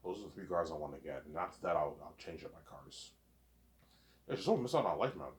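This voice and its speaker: A man's voice: deep voice, very animated, fast talker. A young man rambling casually and profanely, often repeating and stumbling over his words. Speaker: vlogger. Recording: echoey room.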